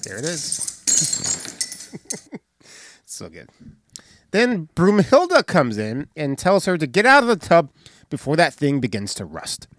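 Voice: mid-range voice, takes it slowly, pauses often. A podcast host casually recapping a comedy film scene by scene. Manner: animated, recounts scenes and does voices.

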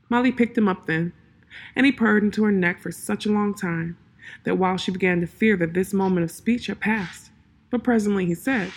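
A woman reading a fantasy story aloud in a calm, measured narration. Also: medium pitch, breathy edge.

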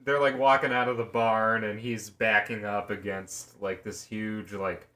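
A man's voice: lowish voice, flat delivery, unhurried, pushed and bright. A man co-hosting a podcast, recapping a plot in rambling casual chat with restarts and frequent swearing. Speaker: podcast co-host.

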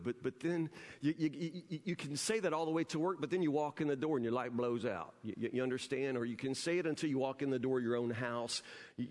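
A man's voice: mid-range voice, long reverb tail. A man preaching a sermon, telling stories and often restarting his words. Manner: storytelling preacher with repeated word restarts. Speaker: pastor.

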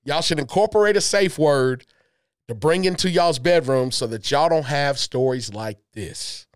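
A man hosting a casual podcast chat, animated and teasing. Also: on the high side, unhurried, clear, resonant tone. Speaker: podcast host.

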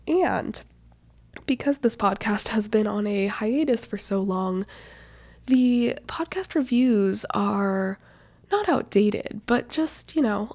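A young woman in her twenties talks through her solo podcast in a loose, chatty way, full of "like" and "you know." Her voice is stuffy-nosed and a little breathless, with a gravelly fry at the ends of phrases. The sound is dry and close, with no room around it. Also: on the high side, a little mellow, no room sound. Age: 20s. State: stuffy nose. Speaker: podcast host. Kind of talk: casual solo podcast chat.

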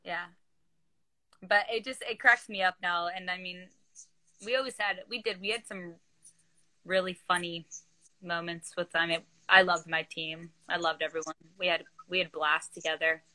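A young woman chatting casually over a video call, telling animated stories and jumping up in pitch when she quotes people. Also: normal speed, dry recording. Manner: animated storyteller, acts out quoted voices with big pitch jumps. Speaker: former player, guest. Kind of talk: casual chat.

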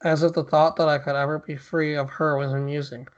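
A man reads a spooky story aloud for his podcast. His voice sits a little high, and he plays the lines with mock drama, now and then breaking off to chat and laugh. The audio is dull and lo-fi. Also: level tone, fairly quick. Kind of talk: casual podcast story reading.

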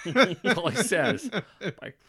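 Animated man telling a story, lively pitch. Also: extremely slow, creaky, slightly rough. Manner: animated, laughs a lot, swears freely. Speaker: podcast co-host. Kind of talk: casual storytelling chat.

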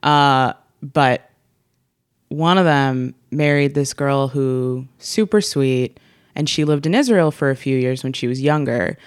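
A woman's voice: very deep voice, measured pace, no echo, clean studio sound. A woman of twenty-three in casual conversation as a guest, talking in a chatty way with many fillers and restarts. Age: 20s. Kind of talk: casual chat.

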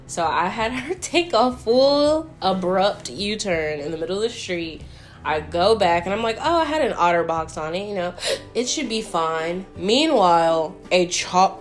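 A young woman telling a story in a chatty, animated way, full of fillers, answering viewer questions. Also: lowish voice. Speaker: vlogger. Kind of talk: casual Q&A storytelling.

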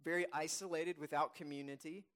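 A male pastor delivering a Sunday sermon in a slightly higher voice. He leans hard on key phrases and says them twice. When he reads scripture he slows right down and softens. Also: steady tone, clear, resonant tone. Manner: emphatic, repeats key phrases; reads scripture slowly and softly.

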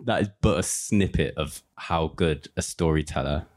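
A man's voice: extremely low pitch, normal speed, darkish tone. A man co-hosting a podcast in casual chat, laid-back, swearing casually and laughing often. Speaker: podcast co-host.

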